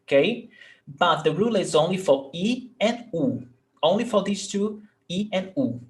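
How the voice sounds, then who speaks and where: Slow, patient male language teacher. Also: high voice, expressive. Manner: patient, explains rules step by step and checks understanding. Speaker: Portuguese teacher. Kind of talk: online language lesson.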